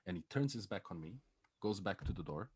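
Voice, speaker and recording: A man co-hosting a podcast, telling a story in a casual, animated way, swearing and laughing as he goes. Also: deep voice, fairly quick, husky, no echo, clean studio sound. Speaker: podcast co-host.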